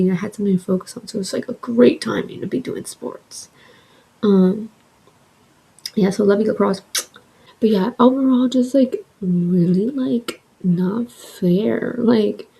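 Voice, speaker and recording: A young woman vlogger telling a casual story with animated, swearing delivery, sometimes slipping into a soft breath. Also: medium pitch, gravelly, husky, poor audio. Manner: animated, swears freely, acts out quotes.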